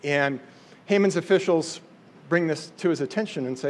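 Man, fairly high voice, conversational, animated Bible storytelling. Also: normal speed, slight background noise. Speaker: Bible teacher.

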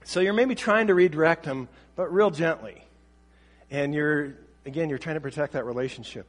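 A man's voice: a little high, moderate pace, big-room sound. A man giving a casual talk on parenting, speaking conversationally and acting out bits of dialogue. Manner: conversational, acts out quoted dialogue. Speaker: parenting teacher.

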